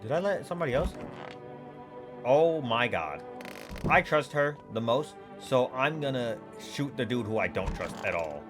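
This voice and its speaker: A young man giving excitable let's play commentary, swinging between yelling and mumbling. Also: medium pitch, unhurried, over music. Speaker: gaming YouTuber.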